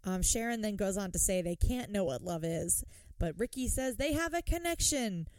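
A woman co-hosting a podcast, chatting casually and swearing freely as she recaps a TV episode with animated retellings. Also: mid-range voice, normal speed, no echo. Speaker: podcast co-host. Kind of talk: casual chat recapping a TV show.

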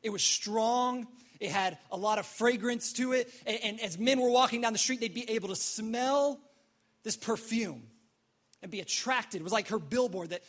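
Young guy preaching, pretty high voice, acts out everybody's reactions as he tells the story. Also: moderate pace. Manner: animated storytelling, acting out reactions. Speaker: pastor. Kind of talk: sermon.

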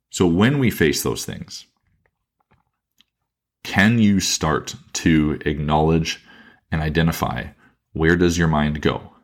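A man hosting a podcast who talks alone in an earnest, thoughtful way. He often repeats phrases, restarts his sentences and slows down to stress a point. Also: a bass voice. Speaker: podcast host, fitness coach. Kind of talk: reflective solo podcast monologue.

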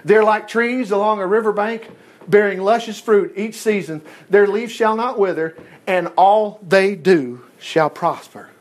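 A man's voice: sits high, measured pace. A man preaching an informal Bible-study sermon, reading scripture aloud and breaking off with folksy comments.

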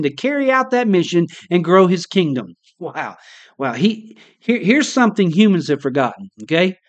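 Male pastor, sermon delivery, fairly high voice, passionate and emphatic, swings loud to hushed, repeats words for build. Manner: impassioned, with sharp swings between loud high emphasis and hushed low moments.

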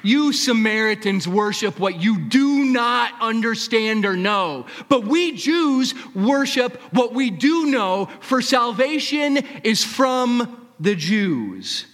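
A preacher voicing a calm, knowing male prophet with steady, measured declarations. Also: very high-pitched, long reverb tail, pitched above the performer's own voice, full character voice. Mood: solemn. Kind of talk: preacher acting out a scripture scene.

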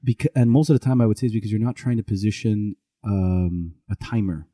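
A man's voice: on the low side, fast talker, mellow, no echo, clean studio sound. A man co-hosting a podcast, chatting casually and rambling through stories with frequent self-corrections. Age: middle-aged. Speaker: podcast co-host. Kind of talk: casual chat.

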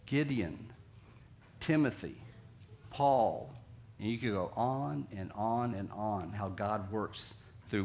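A man preaching a sermon to his congregation in a conversational way, dropping low and quiet, then acting out quotes loudly. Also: slight background noise. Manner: conversational, acts out quotes with big swings from quiet to loud. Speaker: pastor. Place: church sanctuary.

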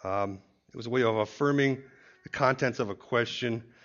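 A man's voice: mid-range voice, moderate pace, fairly bright tone. A man giving an expository Bible teaching who explains points step by step and often starts a point with "see". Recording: dull lo-fi recording.

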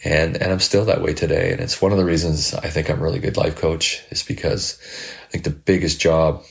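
A middle-aged man, a podcast host and life coach, reflecting in a halting, heartfelt monologue that often repeats words. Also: extremely low pitch, little pitch movement, vocal fry.

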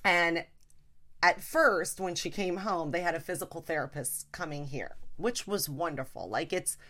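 A woman hosting a podcast, ranting about family life in a casual comedic way and slipping into a high, mimicking voice. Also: moderate pace. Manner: animated, mimics her mother in a high voice. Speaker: podcast host.

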